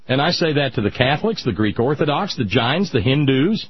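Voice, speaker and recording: A man hosting casual radio talk who rants loudly and slips into nerdy asides. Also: mid-range voice, brisk, hardly any pauses, slightly rough. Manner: ranting, animated, nerdy asides. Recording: dull lo-fi radio sound.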